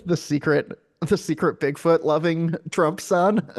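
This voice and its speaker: A man's voice: on the high side, steady tone, slow. A man hosting a comedy podcast, reading sighting reports aloud and riffing with jokey asides. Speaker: podcast host.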